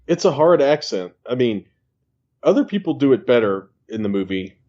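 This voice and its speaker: A man with a voice of middling pitch, heard through a slightly dull, lo-fi mic. He co-hosts a film review podcast in casual chat, measured and thoughtful with some hesitations. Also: very animated, warm tone. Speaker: podcast co-host.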